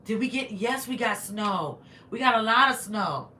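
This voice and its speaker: A woman's voice: medium pitch, animated, normal speed, bright, forceful tone, slight background noise. A woman hosting a casual livestream, reading viewer comments and thanking them over and over, sounding a little congested. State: slightly congested. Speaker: livestream host. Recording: echoey room.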